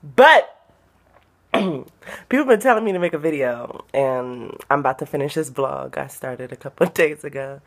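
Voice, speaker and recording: A woman's voice: low voice, expressive, normal speed, gravelly. Young woman, chatty and giggly, phone-camera vlog. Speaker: vlogger. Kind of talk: casual vlog chat and storytelling. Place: car, partly.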